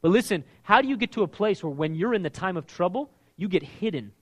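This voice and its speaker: A middle-aged man preaching a sermon in an animated, emphatic way, his energy rising as he goes. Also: high voice, fast talker. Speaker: pastor.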